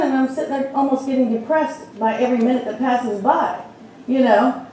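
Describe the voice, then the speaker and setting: A middle-aged woman minister preaches in a chatty, storytelling way, her voice a little high and mellow. She is heard from a distance in a very echoey church hall with a faint hum behind her. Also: fairly quick. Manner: conversational, storytelling with frequent fillers. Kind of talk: sermon. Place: church sanctuary.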